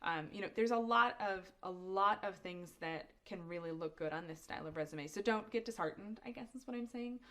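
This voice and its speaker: A woman's voice: mid-range voice, a little fast, hardly any pauses, fairly bright tone. A woman co-hosting a podcast in casual chat, upbeat and laughing often. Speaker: podcast co-host.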